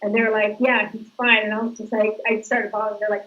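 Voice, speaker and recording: A woman's voice: fairly high pitch, steady tone, fairly quick, sharp tone, muffled recording. A woman actress giving casual, chatty interview answers, laughing as she tells stories. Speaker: actress guest.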